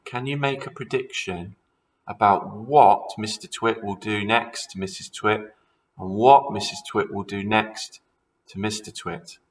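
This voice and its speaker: Slow, lively-voiced male teacher reading aloud. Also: fairly low pitch, poor audio. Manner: expressive, slow storytelling. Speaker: primary school teacher. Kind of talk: reading a story aloud to children.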